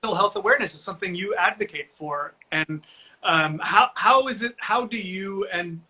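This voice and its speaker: An upbeat man hosts a casual live video interview. His voice is high and bright. He cheers his guest on, though he often restarts his sentences. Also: poor audio. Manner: upbeat, encouraging, halting restarts. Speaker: host.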